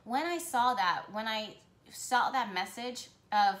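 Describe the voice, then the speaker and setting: A woman giving a tarot reading for her channel, talking with excitement and often breaking off to correct herself. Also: on the high side, slow pace, echoey room. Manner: excited, rambling, self-correcting. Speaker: tarot reader.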